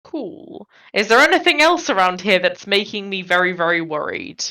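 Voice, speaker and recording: Bright chatty woman player. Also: medium pitch, lively intonation, normal speed, dry recording, poor audio. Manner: chatty, thinking aloud. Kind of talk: casual tabletop play.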